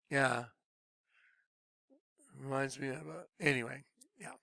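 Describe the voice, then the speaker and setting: A man talking excitedly to his viewers, laughing often and trailing off mid-sentence. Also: mid-range voice, takes it slowly, gravelly, long pauses, no room sound. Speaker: video blogger. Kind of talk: rambling monologue to viewers.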